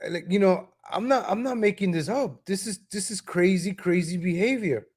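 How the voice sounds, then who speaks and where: A man's voice: sits high, moderate pace, a little mellow, breathy edge. A man hosting a live stream, talking straight to viewers in a casual, scolding way with frequent "right?" tags and chuckles. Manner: repeats himself with tag questions. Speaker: live-stream commentary host.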